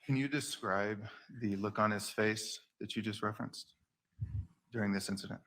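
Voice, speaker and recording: Low, bright-toned male lawyer. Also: steady tone, moderate pace, rough recording. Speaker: defense attorney questioning a witness. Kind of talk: courtroom questioning. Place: courtroom.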